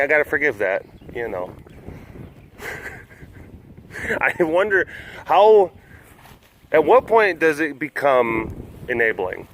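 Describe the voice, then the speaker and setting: Slow, lively, chatty male vlogger. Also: medium pitch, a little hiss or hum. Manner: chatty, jokey, coos at the animals. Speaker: big cat sanctuary vlogger. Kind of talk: casual vlog narration. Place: outdoor wildlife compound.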